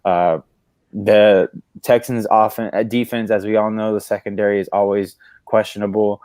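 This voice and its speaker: A man with a low voice gives heated fan takes on football, stopping often for "uh" and "like." He sounds exasperated and earnest. His voice is dry and close to the mic. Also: level tone, moderate pace, darkish tone, no echo. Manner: earnest, exasperated fan opinions with many fillers. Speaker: podcast co-host. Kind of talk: casual sports talk.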